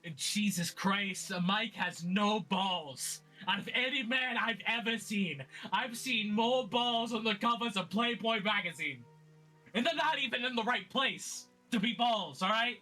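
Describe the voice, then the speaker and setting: A man's voice: high voice, a little slow, bright, forceful tone, faint music behind, heavily acted. A man voicing his character, a brash, hot-tempered street brawler who rants in long, profane, rambling bursts. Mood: ranting.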